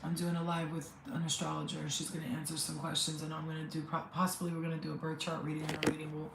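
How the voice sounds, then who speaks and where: A woman's voice: low-pitched, monotone, fast, creaky. Tearful woman chatting on a livestream. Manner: tearful, rambling, talks straight to viewers. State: crying. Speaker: spiritual healer streaming live. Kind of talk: emotional live-stream chat. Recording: echoey room, faint background noise.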